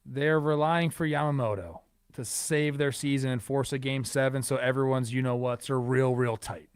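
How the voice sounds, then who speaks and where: A man co-hosting a podcast, talking sports in an animated, joking and teasing way. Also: mid-range voice, moderate pace, clear, resonant tone, no echo, studio quality. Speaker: podcast co-host. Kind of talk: casual sports chat.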